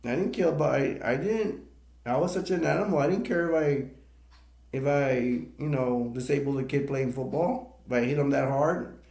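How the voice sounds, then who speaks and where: A man's voice: mid-range voice, moderate pace, a little mellow. A man rambling emotionally through tears in a live stream monologue, repeating himself as he talks. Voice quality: gravelly. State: crying. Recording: echoey room.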